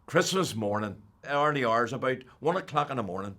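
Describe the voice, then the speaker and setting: An older man with a Northern Irish accent, telling his personal faith testimony as an animated storyteller who drops to a hush and then rises loud. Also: medium pitch, brisk. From Northern Ireland. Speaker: testimony speaker.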